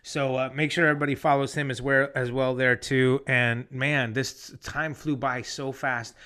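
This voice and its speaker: A man's voice: mid-range voice, level tone, moderate pace, pushed and bright. A man hosting a podcast over a video call, chatting casually and rambling with lots of "you know" and "man". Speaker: podcast host. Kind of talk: casual chat.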